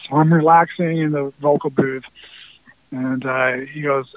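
Man, somewhat high-pitched, rambling storyteller who swears casually, heard over a tinny phone-like line. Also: flat delivery, moderate pace, no room sound. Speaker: musician guest.

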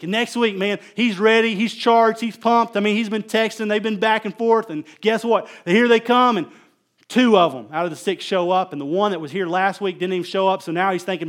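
A middle-aged pastor preaches a conversational sermon, telling stories animatedly and swinging between loud emphasis and quiet asides. His voice sits high and moves fairly quickly.

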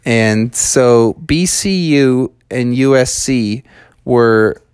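A man narrating a children's story in a casual, read-aloud way, telling it slowly and with lively expression. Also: medium pitch, clean tone, no room sound, studio quality.

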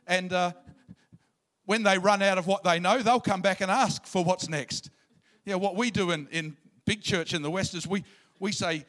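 A man preaching a sermon in an animated way, sometimes bursting into loud shouts. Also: high-pitched, normal speed.

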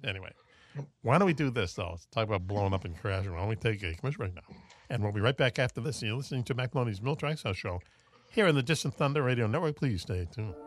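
A man's voice: lowish voice, expressive, slight background noise. A man hosting a casual radio talk show with a Boston accent, rambling and joking between topics. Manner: jokey, rambling, quick asides.

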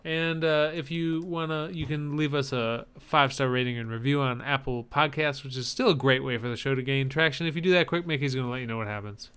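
A man hosts a podcast in relaxed banter and rambles through the show announcements. His voice is smooth and resonant, in a middle pitch. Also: brisk, hardly any pauses. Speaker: podcast host.

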